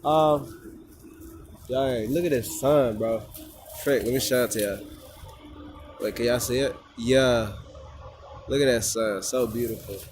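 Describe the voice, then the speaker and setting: A man's voice: mid-range voice, slow pace, long pauses, a little mellow, slight background noise. A man talking casually to his phone camera outdoors, rambling and profane, often repeating himself. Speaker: vlogger.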